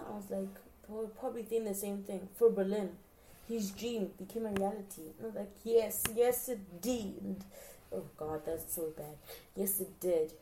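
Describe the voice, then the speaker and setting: A woman's voice: mid-range voice, warm tone, a little hiss or hum. A young woman in casual reaction chat, talking straight to her viewers and acting out her own reactions with gushing emotion. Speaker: vlogger reacting to a TV series.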